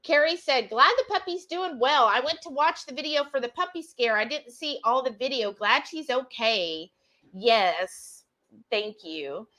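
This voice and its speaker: A woman co-hosting a home cooking livestream, gushing warmly as she reads out viewer comments. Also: sits high, expressive, unhurried. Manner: bubbly, gushing over viewers. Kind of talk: casual chat, reading viewer comments. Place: home kitchen.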